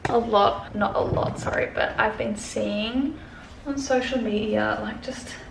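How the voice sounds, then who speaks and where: A woman's voice: mid-range voice, fairly even intonation, unhurried, vocal fry. A woman in her twenties in a casual vlog from her bedroom, stressed and tearful, rambling anxiously with lots of fillers and swearing. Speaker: sewing pattern designer. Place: bedroom at home. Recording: echoey room with faint background noise.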